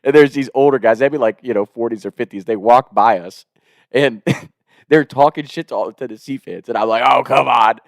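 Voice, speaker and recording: A young man tells a rowdy anecdote in a casual, offhand way, laughing through his lines and swearing without a second thought. His voice has a middling pitch and sounds close and dry, with no room around it. He jumps into other people's voices as he acts out their lines. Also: fairly quick, no room sound. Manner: animated, laughs often, swears freely; acts out quoted people with shifts in pitch and loudness. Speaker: storyteller.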